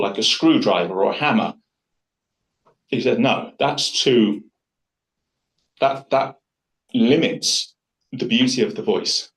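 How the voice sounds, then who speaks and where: A man of middle pitch leads a public speaking workshop, talking to a group in a room. He is chatty and enthusiastic and often rambles, restarting his sentences as he goes. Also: rough recording. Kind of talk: live workshop talk to a group.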